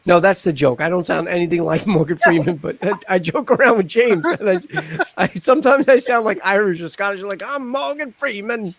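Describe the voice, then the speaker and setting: A man's voice: sits high, brisk, few pauses, a little hiss or hum. A man hosting a casual live stream chat, joking and rambling with plenty of fillers. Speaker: host.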